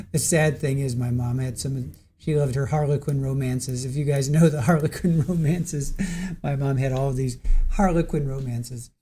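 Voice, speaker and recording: A man hosting a casual livestream about a trial, chatty and giggly, reading aloud haltingly. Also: medium pitch, steady tone, warm tone, a little hiss or hum. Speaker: trial commentary host.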